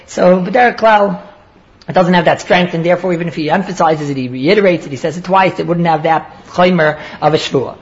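A man's voice: sits high, brisk, creaky, lo-fi sound. Earnest man teaching Talmud. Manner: earnest, restarts and repeats words while explaining. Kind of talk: daily Talmud lecture.

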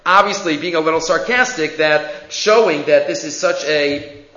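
A man tells a Bible story in an animated way, acting out its people in a bright, fairly high voice. The sound is dull and lo-fi, in an echoey room. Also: normal speed. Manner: animated storyteller, acts out quotes, with fillers. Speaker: religious teacher.

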